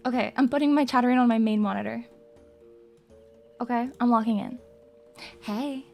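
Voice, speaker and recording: A woman's voice: on the high side, normal speed, creaky, a little mellow, faint music behind. A young woman streaming live, chatting in a hyper, rambling and crude way with her viewers. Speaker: VTuber streamer. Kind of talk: casual live-stream chat.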